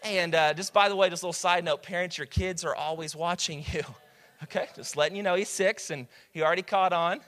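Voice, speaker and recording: A man in his thirties preaching a sermon, telling stories in a lively way with quick restarts and building to emphatic shouts. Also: high voice, big-room sound. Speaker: pastor.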